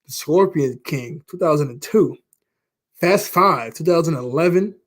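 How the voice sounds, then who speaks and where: With lively intonation and a measured pace, a young YouTuber with a fairly high voice gives rambling, casual movie commentary. He drifts from point to point, using many fillers and laughing often.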